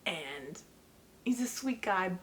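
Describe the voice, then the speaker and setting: A woman's voice: medium pitch, expressive, slow. A woman in her forties hosting her own channel, telling her story to camera in a chatty way, often laughing and speaking straight to her viewers.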